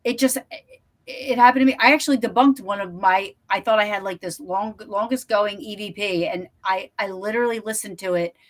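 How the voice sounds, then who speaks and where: A woman who investigates the paranormal, telling stories in an animated way and acting out quotes in a casual podcast chat. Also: mid-range voice.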